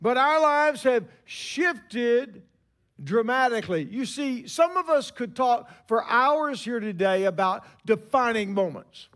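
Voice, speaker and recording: High-voiced older preacher, slow and deliberate. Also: male voice, animated, a bit bright. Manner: storytelling, emphatic pauses. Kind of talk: sermon.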